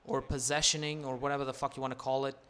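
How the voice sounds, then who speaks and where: A young man casually commentating a football video game, swearing a lot and getting loud at big moments. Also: medium pitch, fast, clean tone. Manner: excitable, swears constantly, shouts at big moments. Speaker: gaming commentator.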